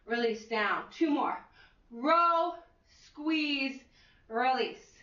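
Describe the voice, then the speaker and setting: A woman's voice: sits high, animated, very slow, pushed and bright. A woman fitness instructor cueing an exercise class with an upbeat manner, counting reps and letting out whoops. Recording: echoey room, far from the mic, dull lo-fi.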